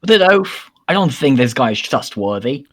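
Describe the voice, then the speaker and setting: A man's voice: mid-range voice, big pitch swings, normal speed, lightly acted. A man playing a pompous, boastful adventurer who talks in a grand, lordly way.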